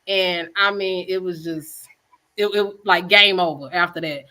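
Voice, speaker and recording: Texas lady chef, bright voice, chatty storyteller, acts out what people said, video call. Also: fairly low pitch, a little slow, low-quality recording. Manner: animated, acts out quotes in a chatty Southern style. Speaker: chef and tamale business owner. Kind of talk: casual storytelling interview.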